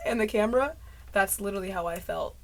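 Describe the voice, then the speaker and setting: A woman's voice: mid-range voice, fast, a little hiss or hum. A woman vlogging in casual chat, rambling in a stream of consciousness and laughing at herself. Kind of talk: casual talking-head chat. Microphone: mic close to clipping.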